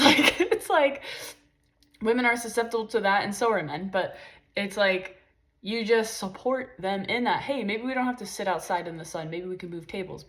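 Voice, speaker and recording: A woman's voice: mid-range voice, fairly bright tone. A young woman speaks straight to camera in a loose, rambling way. She is frank and swears freely. Her talk is full of fillers like "like" and "you know". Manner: frank, profane, chatty with many fillers. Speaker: spiritual vlogger. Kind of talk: casual rambling monologue.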